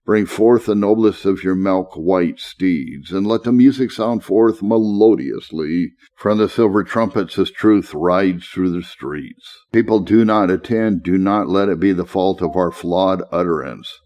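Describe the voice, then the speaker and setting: A man with a very low voice reads a classic lecture on preaching aloud. His tone is dark and mellow, and his delivery is steady and deliberate. He slows down to stress the phrases that matter most. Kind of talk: measured scripted reading.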